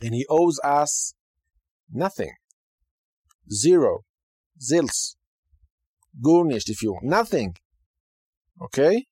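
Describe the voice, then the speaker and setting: A man's voice: fairly high pitch, slow pace, pauses often, breathy edge, no echo. Dry-voiced man teaching casually. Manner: conversational, animated, frequent okay and right asides. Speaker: podcast host teaching Judaism.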